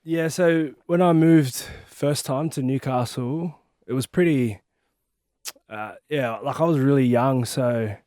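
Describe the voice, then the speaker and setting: A young man talks casually on a podcast, low-key, his sentences often fading softly at the end. His voice sits at an ordinary pitch, and the recording is dry and close. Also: clear, resonant tone, no echo. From Australia. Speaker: podcast co-host, rugby league player. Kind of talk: casual chat.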